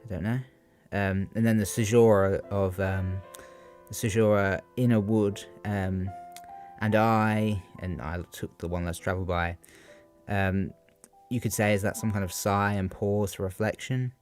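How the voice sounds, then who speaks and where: Young man, lowish voice, unscripted revision talk, halting and questioning, faint music behind. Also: fairly even intonation, darkish tone. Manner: hesitant, many ums and rhetorical questions. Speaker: student giving exam revision.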